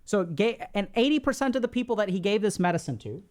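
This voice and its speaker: A man's voice: high-pitched, expressive, quick pace, darkish tone. A middle-aged man hosting a livestream, lecturing his chat in a casual, emphatic way and repeating phrases for stress. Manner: informal, talks to chat directly. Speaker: streamer host discussing mental health.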